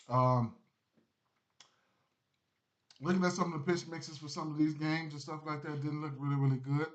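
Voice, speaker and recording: A man at an ordinary middle pitch talks loosely through his betting picks on a livestream. He rambles, restarts often and fills gaps with ums. The sound is dull and lo-fi. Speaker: sports betting streamer. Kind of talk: casual livestream chat. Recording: dull lo-fi stream audio.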